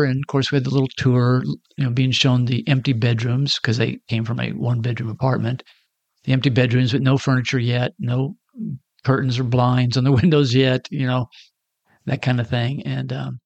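A man's voice: medium pitch, gravelly, no echo, dull audio. A man in his sixties telling a personal story in a casual, self-deprecating way and acting out the dialogue. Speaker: storyteller giving a personal testimony.

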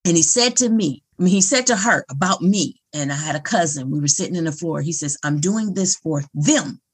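A woman's voice: low-pitched, fast, breathy edge. A middle-aged woman hosting a podcast interview, talking in an earnest, encouraging way and telling a family story. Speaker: podcast host. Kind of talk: casual interview conversation.

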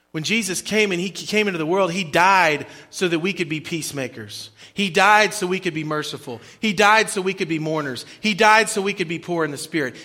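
A man preaching a sermon as pastor, with emphatic, rhythmic repetition and sudden drops into quiet asides. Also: high-pitched. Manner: emphatic preaching, rising and dropping volume for effect; repeats phrases in a rhythmic cadence.

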